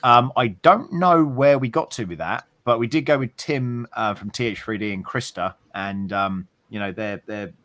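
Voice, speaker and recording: A man's voice: medium pitch, moderate pace, few pauses, a bit bright, dry recording. A man from Ireland hosting a maker livestream, rambling with many fillers and dry jokes. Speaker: livestream host. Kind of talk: casual chat.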